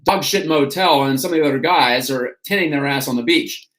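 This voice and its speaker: A man's voice: medium pitch, brisk, fairly bright tone, close to an everyday voice. A man voicing a brash male ballplayer who loves an audience and talks in swaggering slang. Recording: roomy echo.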